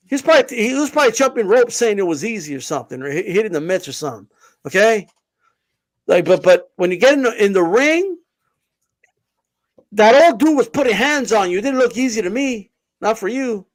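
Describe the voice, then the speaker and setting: A man's voice: sits high, big pitch swings, a little fast. A man co-hosting a boxing podcast, ranting in a heated, profane way with lots of restarts. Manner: fired up, profane, many restarts. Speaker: podcast co-host. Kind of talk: heated casual boxing talk.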